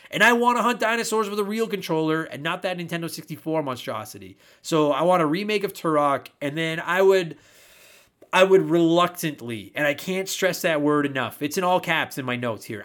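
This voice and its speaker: Profane, animated male podcast host. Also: fairly high pitch. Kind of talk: casual podcast monologue.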